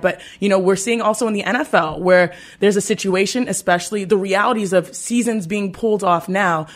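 A woman co-hosting a sports radio show, chatty and lively, often laughing. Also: medium pitch. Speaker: co-host.

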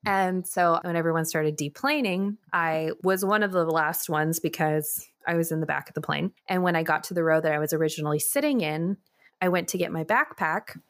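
A young woman telling a story as a podcast co-host, slightly low-pitched, with a lively, laughing delivery. She jumps into high, animated voices when she quotes people. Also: fairly quick. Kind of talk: casual chat, storytelling.

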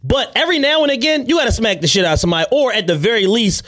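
A young man co-hosting a podcast, joking in a wry, profane way with quick comebacks. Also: very high voice, animated, fairly bright tone. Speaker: podcast co-host. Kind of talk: casual chat.

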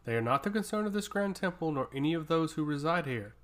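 A man voicing a tall, stoic woman abbot who speaks in a flat, emotionless monotone, in an audiobook reading. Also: a little high, quick pace, natural voice. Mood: cold.

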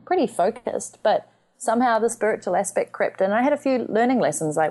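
A woman in her thirties from New Zealand talks as a podcast guest in a casual, chatty way. Her voice sits fairly low, and she slips into lively acted quotes as she tells her stories. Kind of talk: casual conversational interview.

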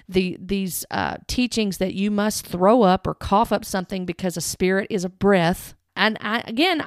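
A woman's voice: medium pitch, clean tone, no room sound, studio quality. A woman giving earnest, direct commentary, stressing key words as she talks it through. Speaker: Christian commentator. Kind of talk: earnest commentary with read-aloud quotes.

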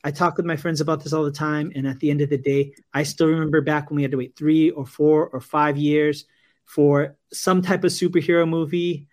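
Dude cohosting a podcast, kinda high voice, jokey, trips over his words. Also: little pitch movement, brisk, darkish tone. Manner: joking, self-interrupting. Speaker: podcast co-host. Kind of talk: casual chat.

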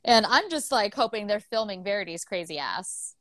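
A woman co-hosting a casual book podcast, retelling the story with animated voices for the characters and casual swearing. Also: mid-range voice, normal speed, no echo. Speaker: podcast co-host.

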